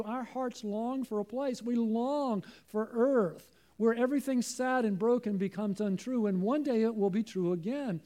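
A man's voice: very high voice, normal speed, few pauses, dark tone. A man preaching a sermon with emphatic delivery, repeating key phrases and calling on his listeners to answer back.

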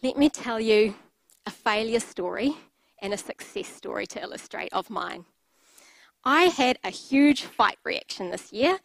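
A woman's voice: on the high side, animated, measured pace, gravelly, no echo, low-quality recording. A middle-aged woman preaching a sermon, telling personal stories in a candid way with light laughter.

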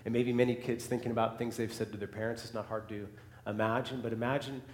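A man's voice: medium pitch, little pitch movement, fast. Fervent preaching man, echoey room. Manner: swings from loud and fervent to hushed and soft, with restarts. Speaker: pastor. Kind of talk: sermon.

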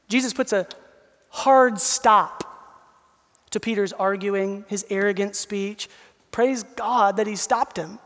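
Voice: mid-range voice, slow, a bit bright. Earnest preacher in a reverberant hall. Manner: earnest, emphatic, addresses listeners directly. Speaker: pastor. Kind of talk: expository sermon.

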